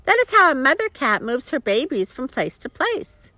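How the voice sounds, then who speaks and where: A woman's voice: high-pitched, sing-song, moderate pace, pushed and bright, no echo, voice pushed up, exaggerated voice. A woman voicing a jovial, teasing middle-aged husband in a storybook read-aloud.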